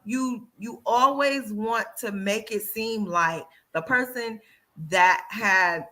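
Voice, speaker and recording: A woman hosting a casual talk show who talks in a lively way and acts out people's excuses as she goes. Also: fairly high pitch, slow pace. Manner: animated, acts out quoted excuses, repeats "yada, yada". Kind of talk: casual chat.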